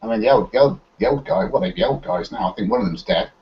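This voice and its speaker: Man, low voice, explanatory, casual group chat, dull lo-fi audio. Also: fast. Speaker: panelist. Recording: dull lo-fi recording.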